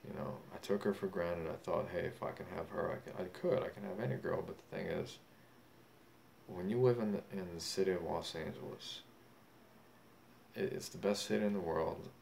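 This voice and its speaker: Gravelly, low-voiced boastful drunk man. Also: a little mellow. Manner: boastful, profane, rambling. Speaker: self-styled boxing champion vlogger. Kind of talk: casual monologue. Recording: faint background noise.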